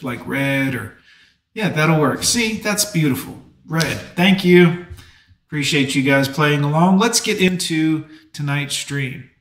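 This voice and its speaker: A man's voice: on the high side, a bit bright, echoey room. A man hosting a live stream, talking casually and rambling with plenty of fillers. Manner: chatty, rambling, lots of fillers. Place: home.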